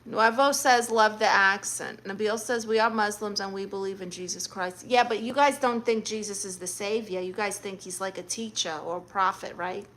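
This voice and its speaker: A woman's voice: medium pitch, fairly even intonation, normal speed, few pauses, fairly bright tone. A young adult woman hosting a livestream, reading chat messages aloud and answering with sassy, teasing comebacks.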